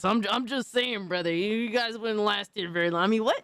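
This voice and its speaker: A woman's voice: mid-range voice, brisk, a bit bright, dry recording. A woman hosting a casual live stream, reacting to viewer videos with mock outrage, frequent swearing and slangy asides. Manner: mock outrage, swears, calls everyone bro. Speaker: streamer host.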